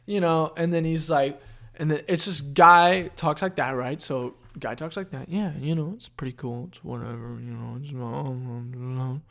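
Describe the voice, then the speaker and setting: A man's voice: on the high side, fairly even intonation, unhurried, creaky, fairly bright tone. A young man hosting a casual solo podcast outdoors, rambling and profane with lots of fillers. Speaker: podcast host.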